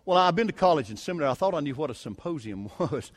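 Folksy evangelist telling a story. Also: male voice, a little high, quick pace, dry recording. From Southern United States. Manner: animated, emphatic, folksy with humor. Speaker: evangelist preacher. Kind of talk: sermon storytelling.

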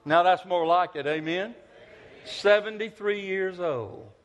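A man preaching a sermon, telling stories with big swings from loud to hushed. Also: sits high, slow. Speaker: pastor, visiting preacher. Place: church sanctuary. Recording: echoey church hall.

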